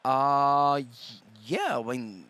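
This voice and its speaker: A man's voice: medium pitch, animated, takes it slowly, fairly bright tone, clear, resonant tone. A man giving live color commentary on a card game, explaining plays analytically and thinking aloud with frequent fillers.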